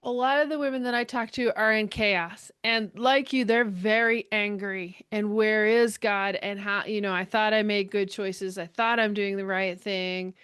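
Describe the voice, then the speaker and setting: A woman's voice: medium pitch, steady tone, moderate pace, few pauses, fairly bright tone, smooth, no room sound, studio quality. A woman hosting a faith podcast interview, encouraging her guest with affirming murmurs. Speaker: podcast host.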